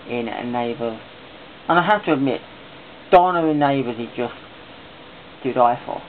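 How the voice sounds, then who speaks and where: A man chatting casually in a vlog, rambling and enthusiastic as he talks on. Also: mid-range voice. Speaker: vlogger. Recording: tinny phone-like sound with faint hiss.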